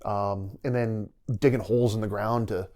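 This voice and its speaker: A middle-aged retired soldier, a guest on a podcast, tells stories in a casual interview, rambling and vivid, often voicing his own thoughts aloud as quotes. His voice is lowish and warm, with a steady tone and moderate pace.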